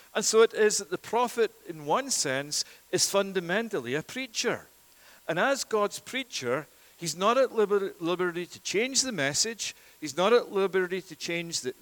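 A man's voice: high voice, fairly bright tone. Earnest preacher man, emphatic delivery. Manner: earnest, emphatic, repeats phrases for stress. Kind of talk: sermon.

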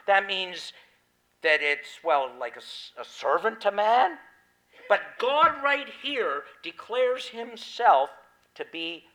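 A man's voice: on the high side, sharp tone, poor audio. A man preaching a sermon, explaining a scripture passage and stressing key words with emphasis. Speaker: pastor.

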